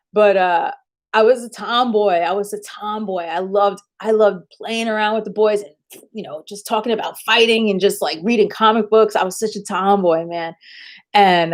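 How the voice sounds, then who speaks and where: A woman chatting on a live stream, telling animated, profane stories with frequent laughs. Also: mid-range voice. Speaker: livestreamer. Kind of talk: casual live-stream chat and storytelling.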